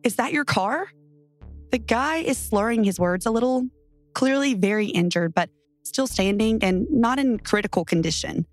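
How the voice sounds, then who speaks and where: A woman's voice: a little high, moderate pace, no room sound, soft background music. A woman earnestly telling a tense first-person story as narrator.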